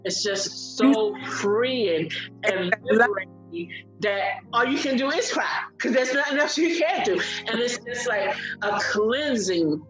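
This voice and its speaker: A woman telling a personal faith testimony in a casual, animated way on a broadcast. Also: on the high side, a little slow, echoey room, music in the background, low-quality recording. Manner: animated storyteller, laughs and cries while recalling. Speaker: guest sharing testimony.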